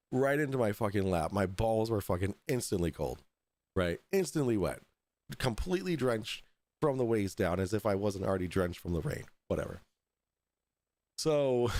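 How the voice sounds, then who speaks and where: A man's voice: mid-range voice, a little mellow, no room sound. A man hosting a podcast, telling a story in a casual, profane way, often laughing through it. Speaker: podcast host.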